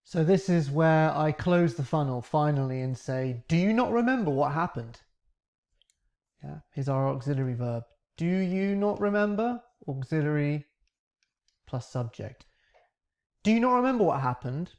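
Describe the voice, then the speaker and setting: A man teaching English, calmly breaking down the grammar of questions he asked in a recorded interview. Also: a little high, a little slow. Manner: calm, reflective, breaks down grammar step by step.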